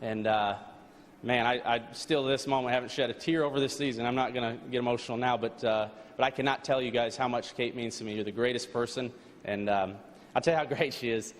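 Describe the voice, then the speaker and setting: A man, a race car driver, giving an earnest, halting thank-you speech at an awards banquet. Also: mid-range voice, fairly even intonation. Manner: earnest, halting, with frequent restarts and fillers. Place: large banquet hall. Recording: long hall reverb, faint background noise.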